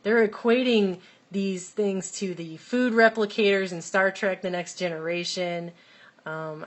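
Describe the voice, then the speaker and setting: A woman co-hosting a casual chat, sarcastic and prone to giggling. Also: lowish voice.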